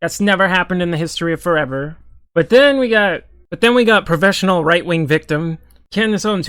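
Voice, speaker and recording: A man's voice: high voice, pushed and bright, no room sound. A young man giving a sarcastic, profane, exasperated running commentary as an online commentator. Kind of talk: ranting commentary.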